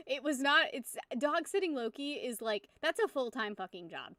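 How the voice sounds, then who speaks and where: A woman's voice: high voice, very animated, normal speed, bright, forceful tone, dry recording, clean studio sound. A young woman in her twenties streaming, chatting casually with viewers in a rambling, giggly way and swearing freely. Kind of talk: casual live-stream chat.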